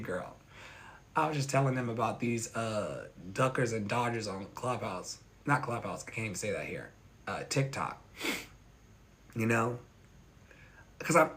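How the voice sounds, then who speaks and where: A man hosting a casual livestream as an online pastor, candid and animated, swearing freely and laughing often. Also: medium pitch. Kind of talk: casual livestream chat with viewers.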